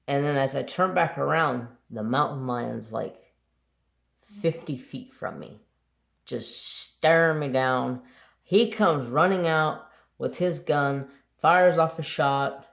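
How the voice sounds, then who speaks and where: Slow-talking man in an echoey room. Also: medium pitch, vocal fry. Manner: relaxed, rambling, swears casually. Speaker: craft channel host. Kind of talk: casual storytelling while painting. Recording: roomy echo.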